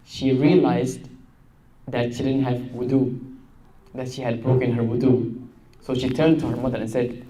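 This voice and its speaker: A male preacher with a high voice tells a story as a sermon, building to dramatic rises and putting questions straight to his listeners. The recording carries a clear echo from the room. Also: expressive, a little slow, pauses often, dark tone, recorded from a distance. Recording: echoey room.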